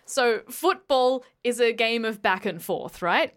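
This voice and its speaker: A woman's voice: fairly high pitch, expressive, unhurried, fairly bright tone. A woman from Australia co-hosting a podcast, playfully building mock-earnest theories in casual banter. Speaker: podcast co-host.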